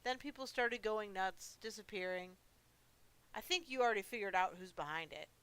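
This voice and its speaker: A woman's voice: medium pitch, moderate pace, fairly bright tone, smooth, close to an everyday voice, rough recording. A woman voicing a lonely, forgetful old male monster in a horror game, who rambles and mocks himself. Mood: chatty. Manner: rambling, self-mocking, talks to himself.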